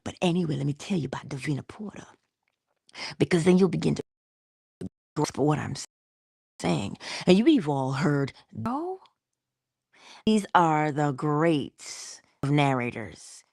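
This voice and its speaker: A woman giving a casual motivational talk, expressive, dropping into whispers and laughing often. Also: sits low, unhurried, gravelly, pauses often, husky, no echo, clean studio sound. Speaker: motivational vlogger.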